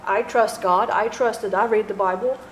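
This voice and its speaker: A woman channeling a departed friend, telling her story in an earnest, halting way with many restarts. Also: medium pitch, steady tone. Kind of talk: spiritual channeling testimony. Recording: roomy echo, faint background noise.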